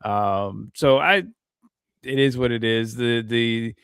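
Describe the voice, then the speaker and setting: A man's voice: medium pitch, slow pace, a bit bright, smooth, no echo, clean studio sound. A man co-hosting a podcast, giving laid-back, hesitant wrestling commentary full of fillers. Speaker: podcast co-host.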